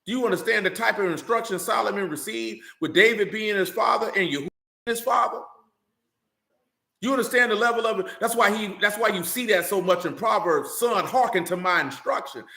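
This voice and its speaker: A man's voice: sits high, a little fast, gravelly, bright, forceful tone. Fervent, emphatic male preacher in an echoey room. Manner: preachy, repeats "man" and "you understand", rising to emphatic. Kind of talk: sermon with scripture reading.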